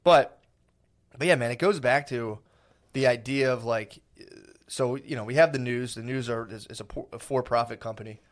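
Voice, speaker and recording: A man's voice: medium pitch, brisk. A man, co-hosting a podcast in casual, rambling, profane chat. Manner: rambling, profane, quotes people in put-on voices. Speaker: podcast co-host.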